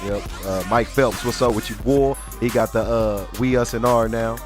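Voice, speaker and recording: A man's voice: medium pitch, steady tone, moderate pace, over music. A middle-aged man from Omaha, a rapper guest on a podcast, telling stories in a laid-back, joking way. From Omaha, Nebraska. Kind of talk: casual podcast interview.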